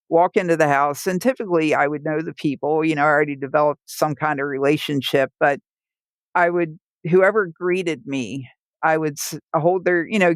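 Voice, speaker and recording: Woman, hospice nurse, animated storyteller with frequent laughs, dry close-mic sound. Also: deep voice, dry recording. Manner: vivid storyteller who laughs while telling and acts out the people she quotes. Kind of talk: personal storytelling in a podcast interview.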